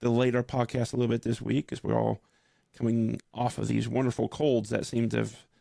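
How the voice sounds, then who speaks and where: A man hosting a casual podcast chat, his voice rough from a cold, laughing often. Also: medium pitch, a little fast, dry recording, clean studio sound. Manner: laughs often, relaxed and chatty. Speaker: podcast host.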